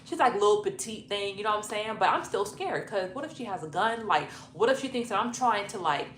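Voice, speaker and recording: A young woman telling a personal story in a casual, animated, profane vlog style. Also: medium pitch, a little fast. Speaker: YouTube storyteller. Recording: roomy echo, faint noise.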